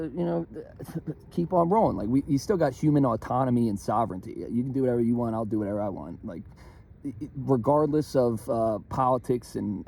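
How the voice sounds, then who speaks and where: A young man from Philadelphia rants in a loose, profane way, full of ums and restarts. His voice is dark and gravelly, with a husky edge that cracks up high when he gets worked up. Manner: profane, animated, rambling with many fillers. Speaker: vlogger. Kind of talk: casual rant to camera.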